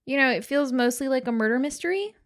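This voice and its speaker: Animated, wisecracking female podcast co-host with a lively, swooping delivery. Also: sits high. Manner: lively, joking, quick quips. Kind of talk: casual chat.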